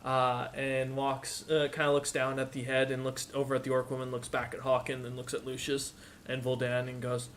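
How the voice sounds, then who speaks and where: Male game master, bright voice, stop-start casual narration over a low hiss. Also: monotone. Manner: halting, many fillers. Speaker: dungeon master.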